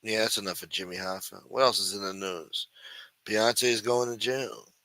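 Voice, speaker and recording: A man's voice: lowish voice, steady tone, moderate pace, bright, forceful tone, no echo. A man hosting a livestream, reading news headlines and riffing on them with crude, sarcastic, profanity-laced commentary. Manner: crude, sarcastic, reads headlines aloud then rants. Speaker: livestream host.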